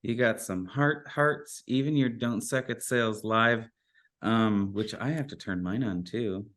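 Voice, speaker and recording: A man's voice: on the low side, a little slow, fairly bright tone. Casual, rambling man hosting a podcast. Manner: rambling, self-deprecating, loose. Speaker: podcast host.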